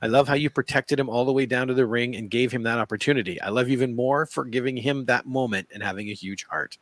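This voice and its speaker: A man's voice: mid-range voice, fast talker, dry recording. A man reading listener questions and comments aloud to the host, often laughing, a little away from the mic.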